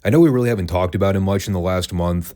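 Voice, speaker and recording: A man's voice: deep voice, very fast, warm tone. A man hosting a solo podcast, talking in a wry, sarcastic, conversational way. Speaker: wrestling podcast host. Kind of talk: casual commentary, solo podcast.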